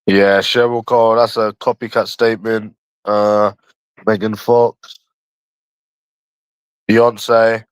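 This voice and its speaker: A man's voice: on the low side, flat delivery, takes it slowly, pauses often, smooth, dry recording. A man from London chatting casually on a livestream, rambling and addressing a viewer by nickname.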